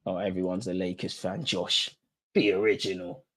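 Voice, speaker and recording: A young man hosting a football watch-along, reacting live to the match in a slangy, excitable way and pleading with the players. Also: deep voice, normal speed. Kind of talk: live reactive commentary to viewers.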